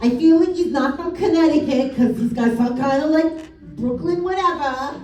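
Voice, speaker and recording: Captured from a distance in an echoey room, a woman medium delivers spirit messages live, bluntly and casually, laughing and swearing as she goes. She speaks at a normal speed in a high, warm voice.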